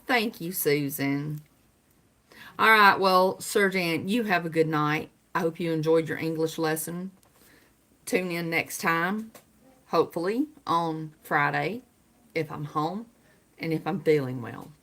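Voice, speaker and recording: A woman's voice: sits low, takes it slowly, a bit bright. A woman with a Southern US accent, chatting casually with viewers on her livestream and answering their comments. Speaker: livestream host.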